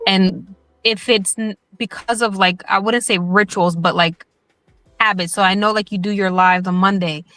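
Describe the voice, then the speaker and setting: A woman's voice: mid-range voice, steady tone, normal speed, bright, forceful tone, dry recording. A woman from New York with a slight Southern twang, a guest in a casual chat who rambles, loses her thread and restarts her sentences.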